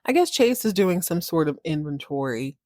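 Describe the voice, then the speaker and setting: A woman's voice: low-pitched, very animated, normal speed, a little mellow, no room sound, studio quality. A woman hosting a podcast, recapping a TV drama in a sassy, playful, slangy way. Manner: sassy, playful, slangy, acts out characters in quotes. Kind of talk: casual recap with acted-out quotes.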